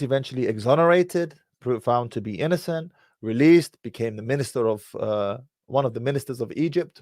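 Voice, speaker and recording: A man's voice: medium pitch, darkish tone, no room sound. A British man hosting a casual livestream and telling loose, rambling stories in street slang. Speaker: livestream host.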